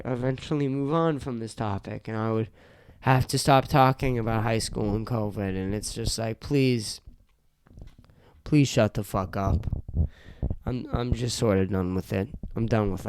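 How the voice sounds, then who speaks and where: A young man talks alone into a close, dry podcast mic, his voice smooth and clear. He rambles and swears, exasperated and a little tipsy, and his throat sounds sore from talking so long. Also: fairly low pitch, fairly even intonation, normal speed, darkish tone, no room sound. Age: young adult. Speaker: podcast host. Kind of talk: casual solo podcast rant.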